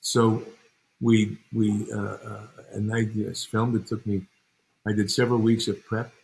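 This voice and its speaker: His gravelly, slightly mellow voice sits on the low side, and he speaks in an unhurried, flat way. This older actor and director from New York is a guest in a relaxed interview, spinning rambling stories and playing the characters in them, on a low-quality recording.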